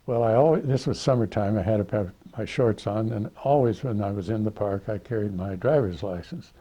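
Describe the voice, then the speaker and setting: An older man telling stories from his own life in an unhurried, dry-witted way, with pauses and fillers. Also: lowish voice, dark tone. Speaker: interviewee. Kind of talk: anecdotal storytelling.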